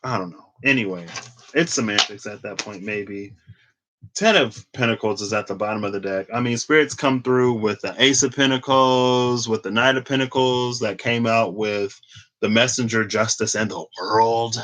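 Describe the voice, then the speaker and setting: A man's voice: lowish voice, normal speed, a bit bright. A man giving a casual tarot reading to camera. He thinks aloud in a rambling, laid-back way, full of "like" and restarts. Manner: laid-back, laughs at himself. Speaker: tarot reader.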